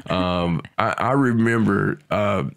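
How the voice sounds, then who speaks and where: Casting: lower-voiced man, podcast co-host, easygoing rambling storyteller. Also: takes it slowly, creaky. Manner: rambling storyteller, animated asides. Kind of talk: casual chat.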